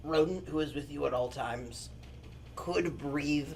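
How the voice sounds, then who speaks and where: A man playing a tabletop game, talking grandly in casual table talk with some halting restarts. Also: on the high side, gravelly, slight background noise. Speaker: player.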